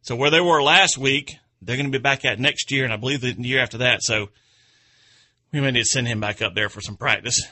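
A man's voice: medium pitch, brisk, bright, forceful tone. A man hosting an outdoors radio show, chatting in a rambling, folksy way and chuckling at his own stories. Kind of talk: casual radio chat.

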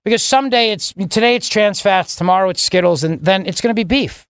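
A man hosting a political talk radio show, delivering a sarcastic, mocking monologue with sudden jumps in pitch for emphasis. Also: brisk, clean tone, no room sound.

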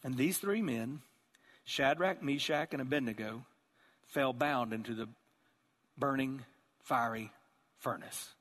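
A man preaching a sermon as pastor, telling the story with animated, acted-out voices. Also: medium pitch, measured pace, pauses often, in a large hall. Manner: animated storytelling, acting out characters.

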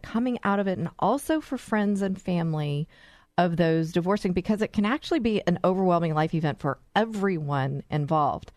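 A woman's voice: fairly low pitch, a little mellow, no echo, studio quality. A woman hosting a talk show, addressing listeners in an enthusiastic, storytelling way. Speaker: host.

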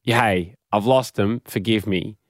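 A man's voice: fairly low pitch, slow, no room sound, studio quality. A man co-hosting a podcast in casual comedic chat, laughing often. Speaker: podcast co-host.

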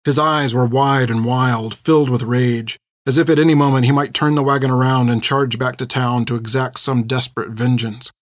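A man reading a story aloud in a steady, measured narrating voice. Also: medium pitch, dry recording, studio quality. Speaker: audiobook narrator. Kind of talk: scripted narration.

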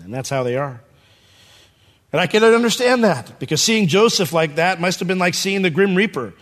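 A male pastor preaching a sermon in a church, animated and acting out the scene in different voices. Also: a little high.

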